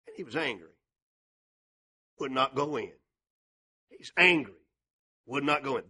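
A man preaching a sermon, folksy and fervent, dropping to a hush and then rising to a shout. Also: on the high side, husky. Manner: fervent, swings from hushed to shouting; folksy, calls out to the congregation.

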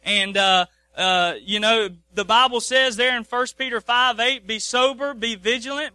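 Male preacher with a high, very bright, smooth voice in a dry room; folksy sermon, repeats lines and asks for amens. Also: measured pace, few pauses, no echo.

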